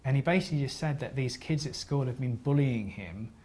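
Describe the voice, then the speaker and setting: A man speaks at a weekend seminar, sharing a story in an earnest, unpolished way. He often trips over his words and starts again, and he apologises gently when a point sounds sentimental. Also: mid-range voice. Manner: earnest, halting, with frequent restarts.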